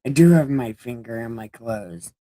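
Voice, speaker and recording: A woman's voice: a bass voice, moderate pace, mellow, no echo. A woman with a runny nose casually reading scripture aloud on a stream, joking and swearing as she goes. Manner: jokey, irreverent, swears casually. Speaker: online Bible reader.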